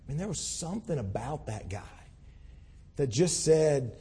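A man delivers a conversational sermon, reading scripture and unpacking it in an earnest, storytelling way. His voice is slightly high, soft and husky. Long reverb trails behind him, as in a large church hall. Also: big pitch swings, normal speed. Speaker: pastor.

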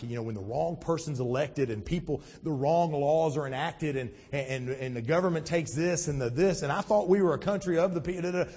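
A man preaching a sermon as pastor, animated and acting out Bible scenes in shifting voices. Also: fairly high pitch, husky. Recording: long church reverb.

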